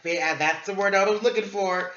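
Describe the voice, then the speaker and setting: Encouraging homeschool parent, bright voice. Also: medium pitch. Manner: encouraging, repeats phrases, quick praise. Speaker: homeschooling parent teaching a young child. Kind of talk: coaching a child through word problems. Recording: echoey room, slightly dull sound.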